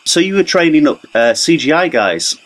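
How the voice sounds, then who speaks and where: A man's voice: fairly high pitch, big pitch swings, moderate pace, fairly bright tone, low-quality recording. A man interviewing a guest, asking short follow-up questions. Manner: brief reactions, questioning.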